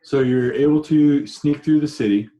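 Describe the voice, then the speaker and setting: A man narrating a tabletop game as game master, halting with many fillers. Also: a little high, dark tone. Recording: roomy echo.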